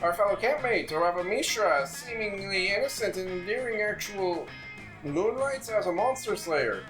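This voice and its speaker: A man's voice: high-pitched, animated, normal speed, music in the background, pitched above the performer's own voice. A man voicing a chatty, gossip-loving male camper in a theatrical, eager manner during a tabletop game. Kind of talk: playing a character in a tabletop game.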